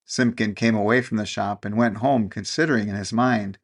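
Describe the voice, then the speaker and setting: A man reading a classic storybook aloud in a gentle, measured narration. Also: fairly low pitch, fairly even intonation.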